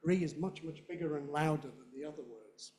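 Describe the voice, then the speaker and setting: A man's voice: on the high side, a little fast, warm tone. A man giving a conference lecture, explaining points and saying example phrases aloud to demonstrate them. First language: English. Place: lecture room. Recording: echoey lecture room.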